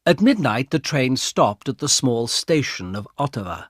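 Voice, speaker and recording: A man reading a story aloud in a clear, deliberate way for English learners. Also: mid-range voice, big pitch swings, dry recording, studio quality. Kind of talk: slow scripted story narration for English learners.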